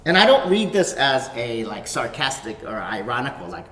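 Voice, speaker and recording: A male pastor delivers a sermon in an echoing room with faint noise behind him. His voice sits at a middling pitch. He shifts from loud, animated stretches to hushed, almost whispered ones. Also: moderate pace. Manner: animated, swings from loud emphasis to soft near-whispers. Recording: roomy echo.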